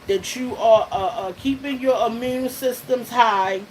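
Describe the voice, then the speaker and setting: A woman's voice: fairly high pitch, measured pace. A woman reading tarot cards for her viewers in a casual, emphatic way, often checking in with "okay?" and laughing between points. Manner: emphatic, keeps checking in with "okay?" and "all right?"; laughs between lines, loose and conversational. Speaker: tarot reader hosting her channel. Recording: noisy recording with steady background noise.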